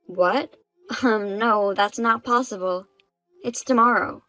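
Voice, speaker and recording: A woman's voice: medium pitch, slow, sharp tone, faint music behind, low-quality recording. Woman voicing a wronged wife, plain tone. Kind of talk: dubbed story drama narration.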